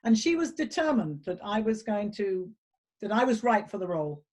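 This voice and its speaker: A woman's voice: medium pitch, very animated, moderate pace, a little mellow. Woman, guest actress, chatty, self-deprecating, lots of ums, video call. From England. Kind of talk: casual anecdote on a video call.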